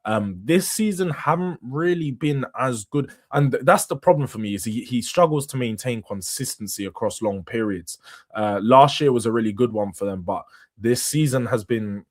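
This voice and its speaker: A man's voice: mid-range voice, moderate pace. Tired, slangy young man. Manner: animated, slangy, laughs often, reads viewer comments. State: tired, yawning late at night. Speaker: host. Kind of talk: casual live-stream football chat.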